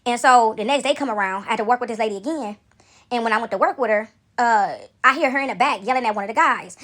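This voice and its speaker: Chatty woman rattling off a story real fast, kinda high voice, keeps talking to y'all. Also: a bit bright. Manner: chatty, addresses viewers as y'all. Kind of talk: casual storytime.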